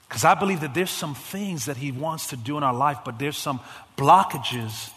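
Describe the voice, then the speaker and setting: A man preaching as a guest pastor, casual with slang, swinging between loud fervent calls and hushed storytelling. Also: on the high side, animated, brisk. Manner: casual, youthful slang and repetitions. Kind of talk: sermon. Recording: long hall reverb.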